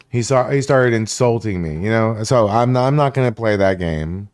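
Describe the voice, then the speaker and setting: A man's voice: on the low side, expressive, measured pace, a little mellow, smooth. Profane, combative male livestreamer. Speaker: livestream host. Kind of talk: live stream commentary rant.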